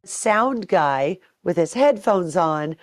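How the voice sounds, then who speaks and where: A woman in her thirties co-hosting a podcast, telling stories in a lively, profane way and acting out what people said. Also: on the low side, slow pace, no echo, studio quality. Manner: animated, profane, acts out quotes. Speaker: podcast co-host. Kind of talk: casual storytelling chat.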